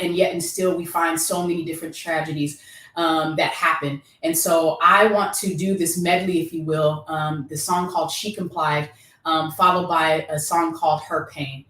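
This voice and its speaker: A woman's voice: sits low, fairly even intonation, normal speed, a bit bright. A woman musician and youth educator introducing her songs at a concert, speaking in an earnest, reflective way. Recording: roomy sound from a distant mic with faint guitar.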